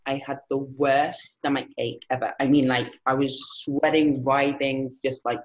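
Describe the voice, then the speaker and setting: A woman guest with a mixed English and American accent, telling stories about her acting career in a casual interview, animated and quick to laugh. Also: a bass voice, poor audio. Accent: mixed English and general American. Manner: animated, laughs often, acts out quotes. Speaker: actress, guest.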